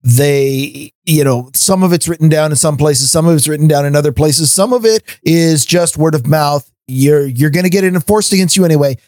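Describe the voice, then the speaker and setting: A man's voice: a little high, normal speed, hardly any pauses, a little mellow, no echo. A middle-aged man co-hosting a podcast, ranting in casual chat, often stammering on restarts. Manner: ranting, stammers on restarts, laughs between points. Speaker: podcast co-host.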